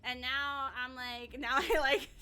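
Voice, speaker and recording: A woman's voice: high-pitched, fairly even intonation, measured pace, very noisy. A young woman streaming a game, chatting casually with viewers, swearing and laughing often. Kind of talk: casual gaming stream chat.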